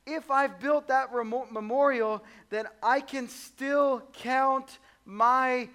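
A man preaching a sermon in a conversational, humorous way, swinging between soft low asides and loud high exclamations. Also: fairly even intonation, slow pace, clean tone. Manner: conversational and humorous, acts out voices of the disciples. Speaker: pastor.

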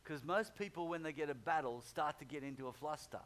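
A man's voice: a little high, brisk, fairly bright tone. A man preaching a sermon in a conversational way, often repeating phrases for emphasis.

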